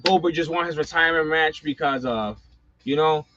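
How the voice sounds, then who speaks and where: A middle-aged man with a somewhat high voice runs a casual live-stream rant, swearing freely and tossing in slangy asides. The sound is dull and lo-fi, very dry with no room around it. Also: moderate pace, bright, forceful tone, no room sound. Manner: profane, exasperated ranting with slangy asides. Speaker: wrestling channel host.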